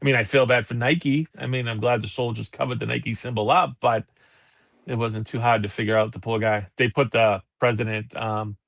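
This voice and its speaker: A man's voice: medium pitch, steady tone, normal speed, creaky, fairly bright tone, no room sound. A man hosting a live talk show, ranting in heated, profane casual chat. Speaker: podcast host.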